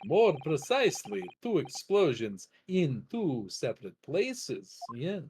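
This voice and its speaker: A man voicing a composed prosecutor in a game dub, calmly explaining the events. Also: on the high side, takes it slowly, background noise, exaggerated voice. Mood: explanatory. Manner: calm, explanatory.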